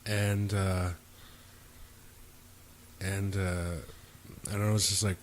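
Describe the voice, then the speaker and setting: A young man with a fairly low voice spins a rambling, profane story in loose podcast chat. He jumps into the quoted lines of the people in his tale, and wanders off on tangents as he goes. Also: little pitch movement, extremely slow, pauses often, slight background noise. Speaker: podcast host.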